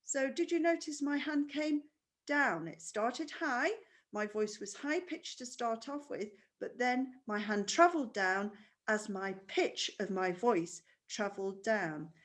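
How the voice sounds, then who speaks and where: A woman's voice: fairly high pitch, a little slow, a bit bright. A woman teaching a primary school music lesson online, patient and explaining step by step with questions.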